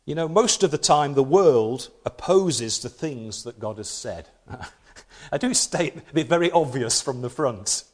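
A man's voice: medium pitch, animated, unhurried. A man preaching a sermon, reading scripture dramatically and adding playful asides. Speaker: pastor.

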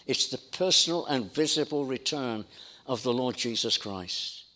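A man's voice: mid-range voice, expressive, a little slow, bright, forceful tone. A man preaching a sermon in an emphatic style, building his points through repetition. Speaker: pastor.

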